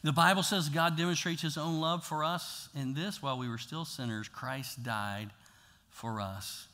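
Man preaching with a bright, ringing voice. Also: fairly high pitch, measured pace. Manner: conversational preaching, swings from loud to hushed. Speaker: pastor. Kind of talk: sermon. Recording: long hall reverb.

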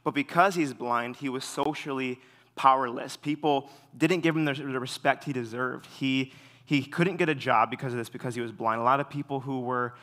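A young man giving a sermon in a relaxed way, full of fillers, telling stories with animation. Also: mid-range voice, moderate pace. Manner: relaxed, filler-heavy storytelling; animated when retelling stories. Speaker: preacher. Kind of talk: casual sermon.

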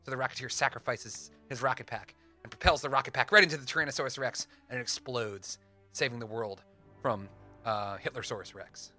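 A young man co-hosting a casual podcast, animated and playful, building up dramatic fan crossover stories. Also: medium pitch, fairly quick, faint music behind. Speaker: podcast co-host.

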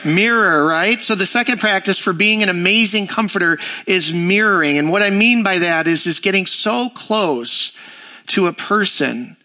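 A man with a bright, ringing voice pitched a little high preaches to his church. He talks casually and animatedly, slipping into lively acted-out dialogue when he tells a story. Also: normal speed. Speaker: pastor. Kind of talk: sermon.

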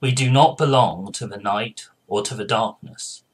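A man reading a scripture passage aloud in a steady, measured way. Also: lowish voice, poor audio. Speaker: scripture reader.

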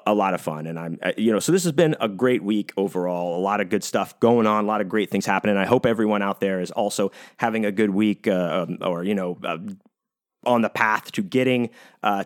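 In a casual solo podcast monologue, a US man speaks a little fast in a lowish voice. His talk meanders, full of cursing, fillers, and restarted sentences.

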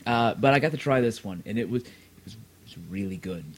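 In a casual group chat, a man with a fairly low, animated voice jokes at his own expense. He keeps halting and restarting his sentences.

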